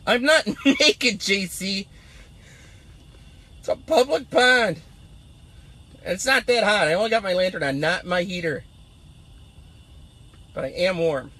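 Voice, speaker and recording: A man's voice: high-pitched, slow pace, long pauses, sharp tone. A man doing playful live commentary while ice fishing outdoors on a frozen pond, teasing the fish as he talks.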